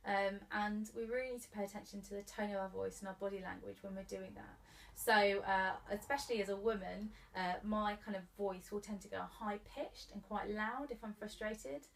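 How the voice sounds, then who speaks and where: A woman giving calm, clear advice on handling children's behaviour in an interview, in an instructive way, a little away from the mic. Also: medium pitch, normal speed, recorded from a distance, a little hiss or hum.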